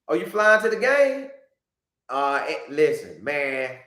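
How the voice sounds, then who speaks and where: A man hosting a casual live stream, talking straight to his viewers in an animated, repetitive way. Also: on the high side, moderate pace, reverberant. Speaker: podcast host reading live chat.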